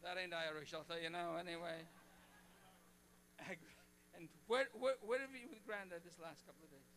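Older preacher with a high, gravelly voice. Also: male voice, moderate pace, fairly bright tone, a little hiss or hum. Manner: joking, folksy storytelling. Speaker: pastor. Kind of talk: sermon. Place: church.

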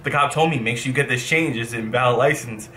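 A young man from New Jersey, a professional gamer, telling a rambling, animated story in a casual vlog and swearing as he backtracks. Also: medium pitch, fast, a little hiss or hum.

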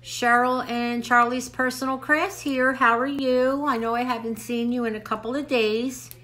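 A woman's voice: a little high, fairly even intonation, normal speed, pushed and bright. An older woman hosting a crafts channel, chatting to camera in a rambling way and a little out of breath. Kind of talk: casual chat to camera.

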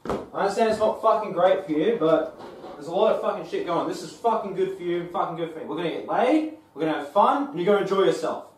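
A man playing a lazy, crude young flatmate who swears constantly and pushes his friend around. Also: mid-range voice, fast talker, natural voice. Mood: pushy. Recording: roomy, distant mic.

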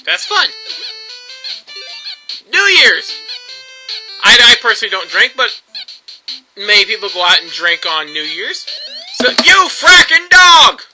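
A young man hosting a gameplay video, ranting sarcastically and mocking others in squeaky put-on voices. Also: expressive, a little slow, long pauses, bright, forceful tone, faint music behind, poor audio. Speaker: gaming video host.

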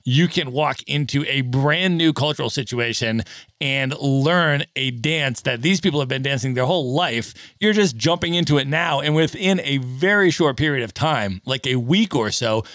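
A man's voice: medium pitch, normal speed, fairly bright tone, no room sound. A man hosting a podcast interview, talking enthusiastically and praising his guest. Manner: enthusiastic, complimentary. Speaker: podcast host. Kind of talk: casual interview.

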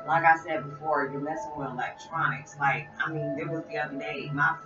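Speaking fairly quickly in a low, steady voice, a woman addresses her viewers directly in a casual spiritual vlog, rambling and repeating phrases. She's at home with music playing, and the sound is roomy, distant, and dull.

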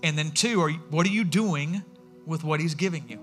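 A man preaching a sermon as pastor in a church, telling stories in a lively way and acting out what people said. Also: on the high side, a little fast, faint music behind. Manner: animated storytelling, acting out quotes.

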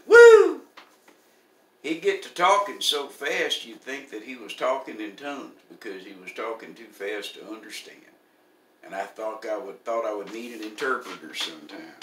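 A man's voice: lowish voice, sharp tone, echoey room, far from the mic, slight background noise. An older man preaching a sermon in a folksy, humorous way.

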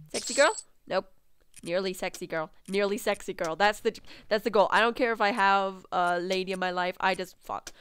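A woman doing let's play commentary, reading game text aloud, excitable and swearing freely. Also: mid-range voice, clean tone, no echo. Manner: excitable, swears freely, bursts into squeals and laughs.

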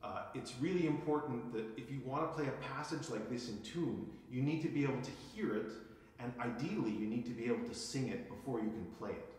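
A man teaching viola, calling out counts, accents and dynamics as he demonstrates, then explaining calmly. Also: mid-range voice, brisk. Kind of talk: instructional music lesson. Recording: echoey room with viola playing. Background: viola playing.

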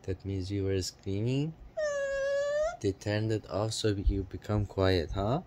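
A man coaxing his pet cockatoo in sing-song baby talk, asking the same gentle questions over and over. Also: fairly low pitch, slow pace, a little hiss or hum. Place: home with a pet bird.

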